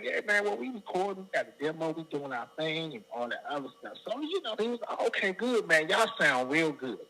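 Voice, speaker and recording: A middle-aged guest singer from the Washington DC area tells stories in an interview, animatedly acting out other people's quotes. His voice is a little high with a breathy edge, and the recording is rough.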